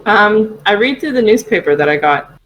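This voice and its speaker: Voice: mid-range voice, expressive, moderate pace, a bit bright, rough recording. A player in a tabletop game who gives short, agreeable in-character replies.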